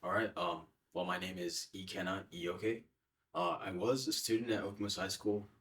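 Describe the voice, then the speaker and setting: A man's voice: low-pitched, flat delivery, moderate pace, a bit bright, distant mic. A young man answering interview questions in a casual, hesitant way with many fillers. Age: young adult.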